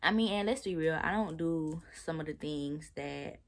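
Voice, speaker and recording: A woman's voice: low voice, normal speed, slight background noise. A woman in her twenties with a Southern American accent, chatting casually to her viewers with playful asides and laughs. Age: 20s. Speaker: vlogger. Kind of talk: casual chat while taking down twists.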